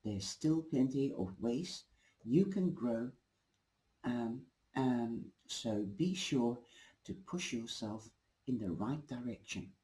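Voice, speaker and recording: A man's voice: mid-range voice, lively intonation, takes it slowly, mellow, poor audio. A man giving a casual, rambling tarot reading to camera, losing his voice. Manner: rambling, reassuring, restarts often. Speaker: tarot reader.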